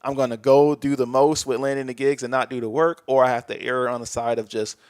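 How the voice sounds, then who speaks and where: A man's voice: mid-range voice, flat delivery, a little fast, darkish tone, clean tone, no room sound. Candid man in a dry studio. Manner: candid, reflective, trails off. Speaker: podcast guest. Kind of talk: casual chat.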